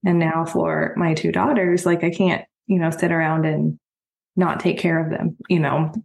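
A woman in her thirties, a guest talking openly and earnestly about her own life, soft-spoken and full of fillers. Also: low voice, flat delivery, normal speed, creaky. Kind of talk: personal conversation. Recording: roomy echo.

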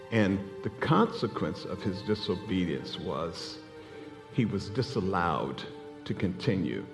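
A low-voiced male preacher with a lively, swinging delivery, acting out the characters as he tells the story. His voice rings with the long reverb of a big hall. Music plays clearly behind him. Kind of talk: sermon.

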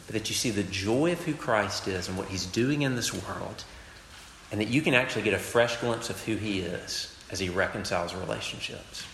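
A man's voice: on the low side, bright, forceful tone. Young man, conversational sermon, casual asides, long hall reverb, faint noise behind. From Mississippi, US. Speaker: campus preacher.

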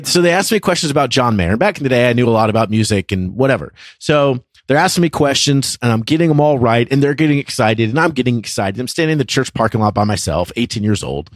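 A man in his thirties hosting a faith podcast, telling a story in a lively, laughing way. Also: medium pitch, no room sound, studio quality. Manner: animated, laughs through his own story. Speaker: podcast co-host. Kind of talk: casual storytelling chat.

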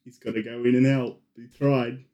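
A man's voice: mid-range voice, flat delivery, normal speed, lo-fi sound. A man co-hosting a podcast, chiming in with jokes and laughing side comments. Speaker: podcast co-host. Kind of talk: casual chat.

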